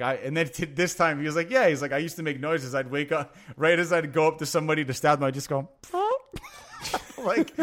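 A man's voice: mid-range voice, a bit bright. A man telling long, rambling anecdotes in casual chat, full of fillers like "like" and "you know" and frequent swearing.

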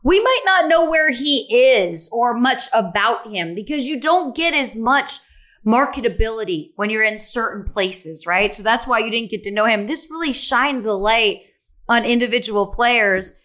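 An American woman hosting a podcast, asking questions in a lively conversational way. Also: on the high side, normal speed. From United States. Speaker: podcast host. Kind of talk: casual interview chat.

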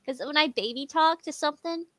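A woman chatting casually on a video call with headphones on, chatty and quick to laugh. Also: high-pitched, a bit bright, no room sound.

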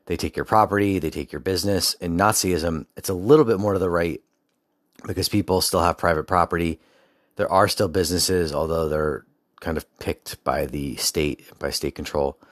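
In a studio-quality recording without echo, a low-voiced man from the United States, in his forties, recounts a personal story. His casual monologue meanders, packed with fillers and side tracks.

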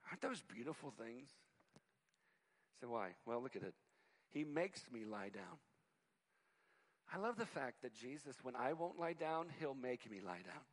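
A man in his forties preaching a sermon, telling personal stories in an animated, conversational way with self-deprecating humor. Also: medium pitch, unhurried, long pauses. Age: 40s. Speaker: pastor.

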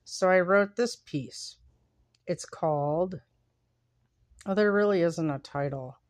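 A woman hosting a podcast, talking softly and reflectively with pauses, then reading her own writing aloud. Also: lowish voice, dry recording, studio quality. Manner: soft, unhurried and reflective, with pauses. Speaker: podcast host.

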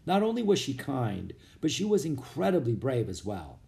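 Expressive male storybook narrator. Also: mid-range voice, normal speed, gravelly. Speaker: audiobook narrator. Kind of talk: children's book read-aloud.

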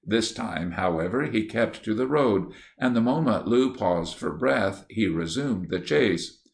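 Gravelly low-voiced man reading a story. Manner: steady measured reading, lifting for dialogue. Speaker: narrator. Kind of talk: storybook narration.

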